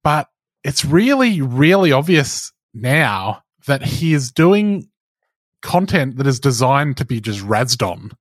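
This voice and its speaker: A man's voice: medium pitch, big pitch swings, slow pace, dry recording. A man co-hosting a casual podcast chat, talking with wry, dry teasing. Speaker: podcast co-host.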